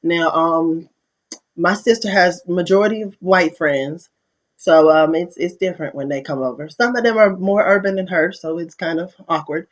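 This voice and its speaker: A man's voice: fairly high pitch, fairly even intonation, moderate pace. A man talking casually to his viewers in a candid, profane, storytelling way. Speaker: vlogger. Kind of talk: casual opinion monologue. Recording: dull lo-fi recording.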